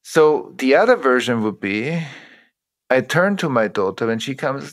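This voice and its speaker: A middle-aged man, an interview guest who teaches about trauma, explaining ideas in a measured, reflective way with personal examples. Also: mid-range voice, animated.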